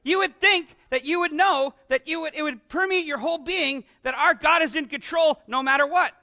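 Through an amplified microphone with some feedback, a man preaches a conversational sermon, animated and frequently asking his congregation rhetorical questions. His voice is very high-pitched, and he keeps a moderate pace.

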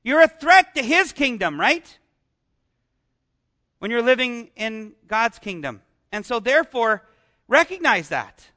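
High, bright-voiced male pastor preaching. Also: sing-song, a little slow, long pauses. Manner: conversational, asks the congregation questions. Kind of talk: sermon.

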